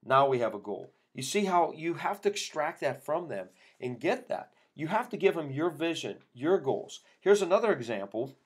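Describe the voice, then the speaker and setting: A man's voice: on the high side, very animated, moderate pace, hardly any pauses, breathy edge. A man hosting a podcast for chiropractors, telling a patient story and acting out both sides of the conversation. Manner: storytelling, quoting patients and himself in dialogue. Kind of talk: casual podcast talk with acted patient quotes.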